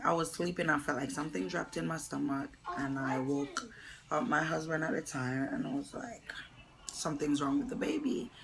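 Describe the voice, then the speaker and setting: A young adult woman telling a painful personal story to camera, close to tears, halting with many pauses and fillers. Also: low voice, gravelly, fairly bright tone, slight background noise, low-quality recording. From New York. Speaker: vlogger.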